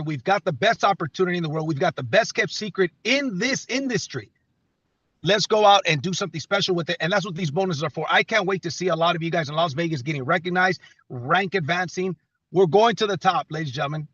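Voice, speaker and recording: Man, high husky voice, motivational team-call speaker, emphatic, repeats himself, dry and muffled sound. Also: bright, forceful tone, no echo. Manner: emphatic, repeats phrases for effect, stumbles and restarts. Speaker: company leader on a team call. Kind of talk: motivational pep talk on a live call.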